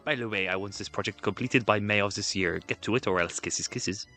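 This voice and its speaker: A pompous, boastful French general holds forth in a thick mock French accent, as a narrator puts him on. His delivery is grandiose and flowery, in a bright, forceful tone over faint music. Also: fairly low pitch, fairly quick.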